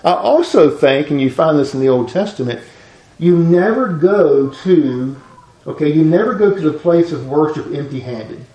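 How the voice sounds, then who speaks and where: A man's voice: fairly high pitch, animated, normal speed, mellow, echoey room, low-quality recording. A man preaching a conversational, folksy sermon as a pastor.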